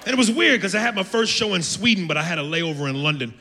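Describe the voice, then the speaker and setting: A man performs a brash, profane stand-up set with a raspy, gravelly edge and a slightly high voice. He jumps into loud character voices. The club has a long, ringing reverb and clear background noise. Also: expressive, quick pace. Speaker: stand-up comedian. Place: comedy club stage.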